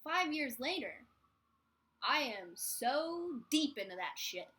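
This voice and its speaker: A woman's voice: sits high, big pitch swings, takes it slowly, sharp tone. A woman in her twenties with a Philadelphia accent, chatting casually on a live vlog. She is self-mocking and acts out the voices of the people she quotes. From Philadelphia, USA. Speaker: vlogger.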